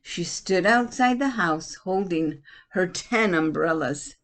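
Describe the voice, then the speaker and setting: A woman's voice: fairly low pitch, expressive, slow. A woman teacher reading a picture book aloud to children. She stops often to ask her listeners questions.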